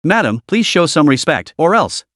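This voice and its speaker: A man's voice: fairly high pitch, very animated, normal speed, a bit bright, no room sound, clean studio sound. A man voicing a firm young policewoman. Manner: polite, firm. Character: composed young female traffic police officer.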